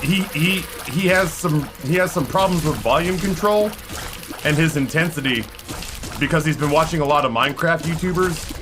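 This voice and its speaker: A man's voice: on the high side, normal speed, noisy background. A man in his forties chatting live with his stream viewers, rambling, swearing and greeting people in chat by name. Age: 40s.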